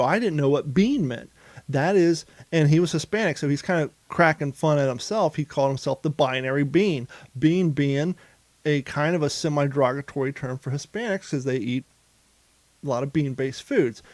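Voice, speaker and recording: A man's voice: on the high side, a little mellow, no room sound. A man in his forties from Ohio, hosting a casual podcast chat, a rambling, profane storyteller. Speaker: podcast host.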